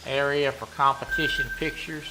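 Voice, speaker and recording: A man, chatting casually while playing a hunting game, rambling and often clearing his throat. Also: medium pitch, level tone, moderate pace, very noisy. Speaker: gaming streamer running a members' community.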